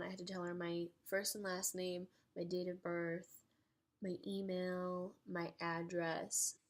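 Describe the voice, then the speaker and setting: Brief: female vlogger, gravelly fry, husky edge, chatty and excitable storyteller. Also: lowish voice. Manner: excitable, chatty, heavy use of "like". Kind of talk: casual storytelling.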